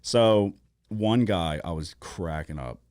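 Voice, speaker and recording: Casual podcast host from Louisiana, fairly low voice, dry studio sound, swears freely, animated storyteller. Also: male voice, slow pace, dry recording. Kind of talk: casual sports-betting podcast chat.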